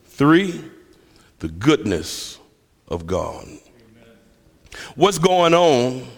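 A man's voice: mid-range voice, big pitch swings, extremely slow, gravelly. Preacher, man, telling stories with a self-mocking humor; long hall reverb around him. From Memphis, USA. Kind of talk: sermon.

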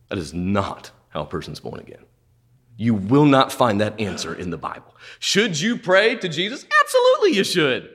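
A man preaching from the pulpit with a very lively, animated delivery. His voice leaps up in pitch for emphasis and drops low and quiet to drive a point home. He acts out the lines he quotes. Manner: preaching with dramatic swings in pitch and loudness. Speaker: pastor. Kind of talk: sermon.

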